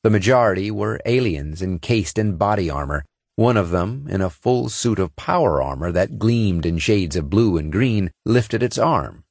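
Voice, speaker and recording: A man reads a science fiction audiobook in a measured way. His voice is very deep and husky, with lively rises and falls, and the sound is dry and close. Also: no room sound. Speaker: audiobook narrator. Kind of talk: scripted narration.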